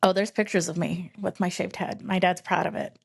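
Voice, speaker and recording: A woman's voice: on the low side, steady tone, brisk, gravelly, breathy edge. Profane, rambling woman telling a story. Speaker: podcast host. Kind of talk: casual storytelling chat.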